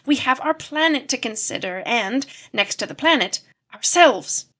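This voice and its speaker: A grave, weary old professor speaks with calm duty in an audiobook tale, voiced by a woman narrator. The tone is bright and clear, measured and earnest. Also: a little high, voice pushed up. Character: elderly male professor, earnest and dutiful.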